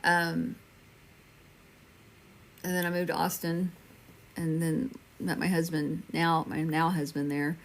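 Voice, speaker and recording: A woman's voice: sits low, little pitch movement, slow pace, pauses often. A woman in her fifties from Texas, hosting a casual livestream and chatting reassuringly with viewers by name. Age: 50s. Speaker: livestream medium host. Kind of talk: casual livestream chat answering viewer comments.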